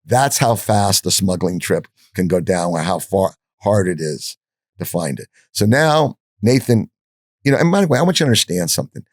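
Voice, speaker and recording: Brief: older man, low-pitched, blunt profane storyteller who voices the dialogue he quotes, dry close sound. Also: lively intonation, moderate pace, no echo. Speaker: podcast guest. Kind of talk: storytelling in an interview.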